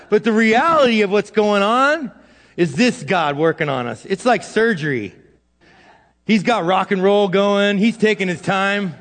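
A middle-aged male pastor giving a sermon in a casual, self-deprecating way, swinging between loud and hushed. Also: sits high, a little slow. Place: church hall. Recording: long hall reverb.

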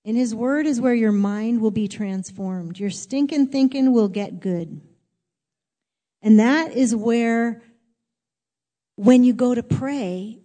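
A woman's voice: fairly high pitch, warm tone, in a large hall. A woman preaching a sermon in an earnest, conversational way, rising to emphatic exhortation.

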